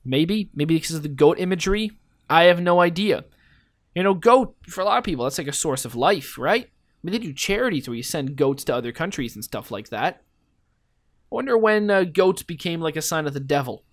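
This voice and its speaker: A man's voice: fairly high pitch, expressive, a little fast, no echo. Man musing aloud over a game, dry sound. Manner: rambling, muses aloud with playful questions. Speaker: game commentator. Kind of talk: casual let's-play commentary.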